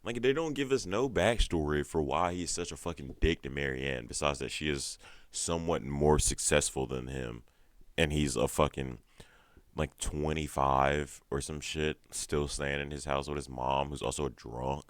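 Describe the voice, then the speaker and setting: With a stuffed-up nose and a rumbling low voice, a man delivers a heated, rambling recap of a TV show, swearing throughout. He speaks at a moderate pace, and there's no room sound.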